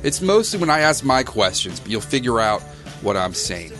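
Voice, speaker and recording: A man's voice: mid-range voice, very animated, moderate pace, a bit bright, faint music behind. A man hosting a podcast, talking over a remote call and asking chatty, friendly questions. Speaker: podcast host. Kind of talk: podcast interview. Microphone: remote call with some feedback.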